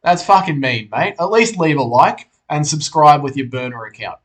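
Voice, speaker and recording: A man's voice: a little high, animated, normal speed, fairly bright tone. Laid-back Australian guy streaming live. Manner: laid-back, swears often, banters with chat. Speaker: livestream host reading chat. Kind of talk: casual live chat.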